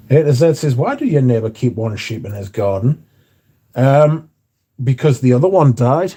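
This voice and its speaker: A man's voice: mid-range voice, mellow, slightly rough. A man hosts a livestream from home, reading out viewers' chat and bantering back in a laid-back way with casual swearing. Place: indoors at home.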